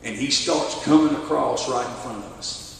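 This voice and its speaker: A middle-aged man with a Southern US accent, a sheriff telling a story in a keynote speech in an animated, folksy way. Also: mid-range voice, normal speed, creaky, recorded from a distance, a little hiss or hum. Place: church hall at a benefit dinner. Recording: echoey hall, voice from afar.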